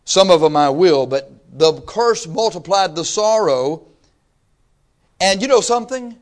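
A man's voice: high voice, lively intonation, measured pace. A man, preaching a sermon in a folksy, conversational way with emphatic rising bursts. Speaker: pastor.

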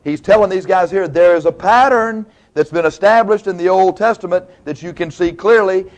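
A man preaches in a folksy, colloquial style, acting out old stories with drama. His voice sits somewhat high for a man. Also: normal speed. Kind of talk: sermon, storytelling.

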